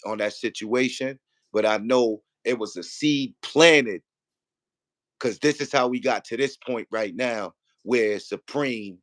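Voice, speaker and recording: A man talks his point through in a loose, rambling way, circling back and checking that he's understood. His voice sits at an ordinary middle pitch. The sound is dry and close, with no room around it. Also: dry recording. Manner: rambling, repeats "you feel what I'm saying". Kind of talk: casual debate.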